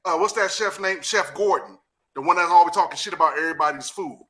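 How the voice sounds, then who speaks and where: A man with a D.C. hosts a loose podcast chat. He sits high in his range for a man, with a bright, forceful edge. He coaches and sets up scenes with lively energy and frequent laughter. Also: fast. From Washington, D.C. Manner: animated, laughing, coaching and directing others. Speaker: podcast host and acting teacher.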